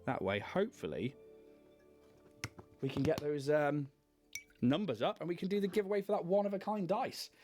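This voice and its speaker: A man's voice: a little high, lively intonation, moderate pace, long pauses, a little mellow. Casual male host, chatty and self-deprecating, painting-stream banter, faint music behind. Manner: chatty, self-mocking, laughs often. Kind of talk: casual chat while painting miniatures on a livestream.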